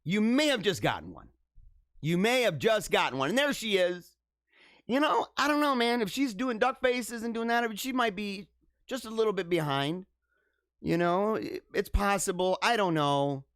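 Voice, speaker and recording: A young man hosting a livestream, reacting to news stories with animated, mock-outraged rants and bursts of laughter. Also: high voice, moderate pace, dry recording, clean studio sound. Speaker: livestream host. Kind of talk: casual livestream commentary.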